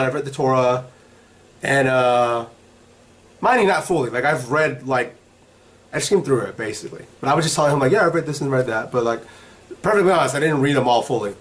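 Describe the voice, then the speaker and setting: A young man hosting his own vlog, telling a story in a profane, rambling, animated way. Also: mid-range voice. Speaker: vlog host. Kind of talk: casual storytelling.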